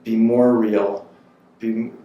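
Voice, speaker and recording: Animated older man telling a story. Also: fairly low pitch, drawn-out words, highs cut off. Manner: animated anecdotal storyteller who acts out quotes. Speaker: interviewee. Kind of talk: oral history storytelling. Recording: roomy echo with faint ambient noise.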